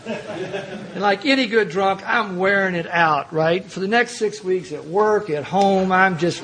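A man's voice: sits high, measured pace, fairly bright tone, a little hiss or hum. A man speaking to a recovery meeting, telling his own story with humor and acting out the lines of the people in it. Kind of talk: personal recovery story told to a group.

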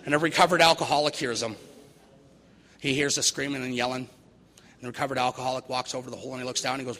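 A man gives an earnest recovery meeting talk and drives points home by repeating phrases. His voice is bright and forward. It rings with long reverb in a large hall, over a faint noise floor. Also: medium pitch, fairly even intonation, racing.

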